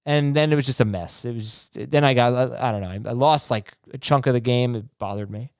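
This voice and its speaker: A man with a middle-pitched voice hosts a fantasy football podcast and reads out listener questions in a relaxed, chatty way. The recording is dry and close-miked. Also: fairly quick, no echo. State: tired, yawning. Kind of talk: casual podcast chat.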